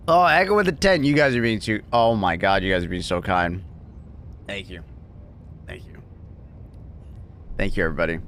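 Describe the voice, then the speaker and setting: A man chatting casually on a livestream, laughing often and thanking viewers excitedly. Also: low voice, normal speed, long pauses, slight background noise. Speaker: streamer.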